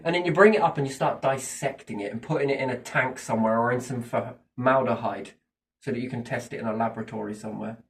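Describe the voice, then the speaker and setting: A man talking in a casual, rambling monologue, swearing freely and asking himself questions, then answering them. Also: on the high side. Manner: animated, profane, speculative, asks himself questions and answers them. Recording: distant from the mic.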